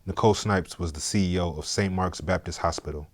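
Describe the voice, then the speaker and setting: Deep-voiced male storyteller. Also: fairly quick. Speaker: narrator. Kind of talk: scripted story narration.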